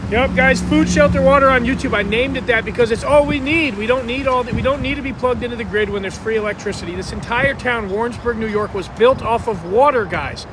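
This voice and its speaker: A man with a high, light voice hosts a live stream from a town square and talks straight to his viewers in an upbeat way. He is recorded on a phone outdoors, with clear street and traffic noise behind him. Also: fairly quick, hardly any pauses. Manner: upbeat, addresses viewers directly, hypes the stream. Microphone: phone camera. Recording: noisy outdoor street sound.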